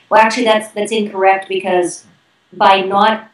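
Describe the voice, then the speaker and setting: A woman's voice: mid-range voice, level tone, moderate pace, distant mic. Canadian woman explaining leadership ideas, echoey room. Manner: articulate, explanatory, frequent fillers and restarts. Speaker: leadership keynote speaker, interview guest. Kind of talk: conversational interview answers.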